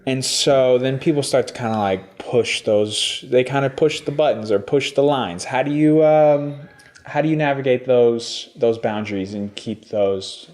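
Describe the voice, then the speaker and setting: A man's voice: mid-range voice, measured pace, a little mellow. Thoughtful male podcast host. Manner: thoughtful, searching for words. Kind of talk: casual conversation.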